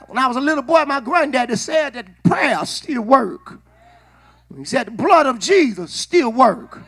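A man preaching with a very high, bright, forceful voice. He works the congregation in call-and-response, repeats himself and restarts phrases, and climbs into shouting. He is in a church sanctuary. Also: animated, a little slow. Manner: repeats words and restarts often. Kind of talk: sermon.

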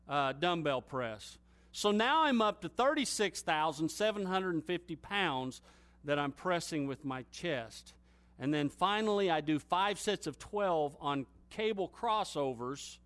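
A man preaching, telling a story in a halting way with many fillers. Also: high voice, a bit bright.

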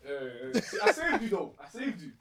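A man, hosting a casual podcast and teasing his friends with quick laughing banter. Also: very high voice, huge pitch swings, creaky, a loud crowd.

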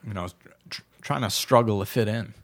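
A man's voice: fairly low pitch, brisk. A man hosting a casual, reflective chat, telling stories with lots of restarts and false starts. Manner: rambling storyteller with frequent restarts.

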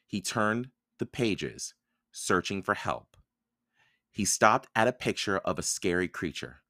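A man reading a children's chapter book aloud for a podcast, in calm, even storytelling narration. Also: low voice, slow, no room sound, studio quality. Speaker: podcast reader.

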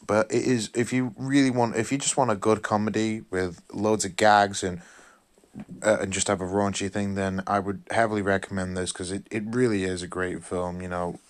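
Tired, rambling man, low voice. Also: fairly even intonation, normal speed. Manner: rambling, apologetic, full of fillers and restarts. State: tired, yawning. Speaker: film review host. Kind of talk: casual spoken film review.

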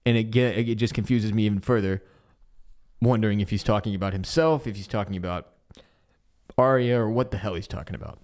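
A man co-hosting a podcast, casually recapping a TV episode with lively retelling and bits of swearing. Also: fairly low pitch, brisk. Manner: animated retelling, acts out character quotes, swears casually. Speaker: podcast co-host.

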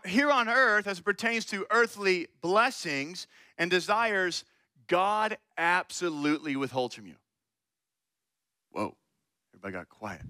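A man's voice: high voice, bright, forceful tone, no room sound. A man preaching a conversational sermon, playfully acting out little scenes and voices. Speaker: pastor.

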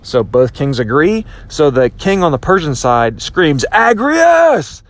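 A man's voice: medium pitch, unhurried. A man hosting a podcast, giving a motivational talk with frequent restarts and acted-out quotes. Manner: animated, repetitive restarts, acts out quotes. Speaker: podcast host.

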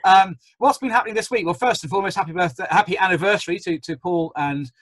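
A man's voice: sits high, fast talker, fairly bright tone, no room sound, poor audio. A man in his forties, hosting a webinar panel on a video call in a genial, chatty way with frequent ums. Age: 40s. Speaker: webinar host.

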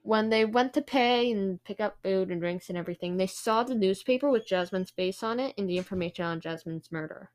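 A woman's voice: medium pitch, a little fast, hardly any pauses. A woman hosts a true crime podcast and recounts the case to a co-host. Her delivery is chatty and loose, with plenty of fillers.

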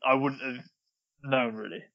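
A man in a casual film podcast chat, laid-back and trailing off quietly. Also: mid-range voice, steady tone, unhurried, vocal fry, lo-fi sound. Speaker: podcast co-host.

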